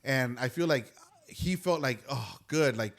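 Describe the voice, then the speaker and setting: A man's voice: mid-range voice, normal speed. A young adult man on a podcast, casually telling a story about a day at work and acting out each quoted exchange. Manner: animated retelling, acts out quoted dialogue. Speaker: podcast co-host.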